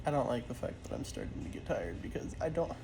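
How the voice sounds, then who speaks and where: A woman's voice: very deep voice, fast, gravelly, noisy background. A young woman chatting casually at home in a late-night vlog, rambling, swearing and fussing over her pet. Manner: swearing, rambling, excitable, talks baby talk to her pet. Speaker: vlogger. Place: at home, indoors.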